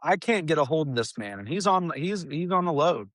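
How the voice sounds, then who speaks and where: A young man hosting a podcast, telling rambling, profane stories about his trucking job in a casual, animated way. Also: on the high side, brisk, no echo, clean studio sound. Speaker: podcast host. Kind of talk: casual storytelling chat.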